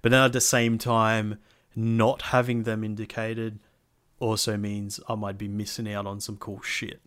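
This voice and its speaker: A young man in casual chat about a video game, rambling in a relaxed way with many fillers. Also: fairly low pitch, unhurried.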